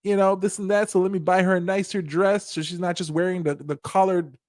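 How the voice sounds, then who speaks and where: Animated, high-voiced man commenting. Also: a little fast, no echo, clean studio sound. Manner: animated, profane and laughing. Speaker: commentary channel host. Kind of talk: casual commentary.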